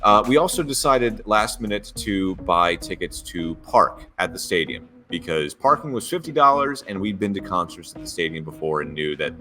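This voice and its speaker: Man, podcast co-host, very low pitch, bright tone, animated storytelling. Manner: animated storyteller, acts out dialogue. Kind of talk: casual podcast chat.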